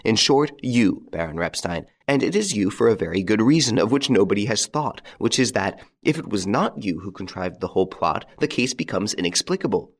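A man voicing a suave gentleman thief in an audiobook, pressing a confident, mocking accusation. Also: lowish voice, very animated, brisk, vocal fry, few pauses, full character voice. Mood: accusing.

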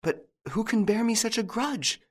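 A man's voice: fairly low pitch, big pitch swings, normal speed, a bit bright, pitched above the performer's own voice. A man reading an audiobook, voicing an anxious, frightened young French woman from a country estate in a raised voice. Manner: anxious, breathless and pleading.

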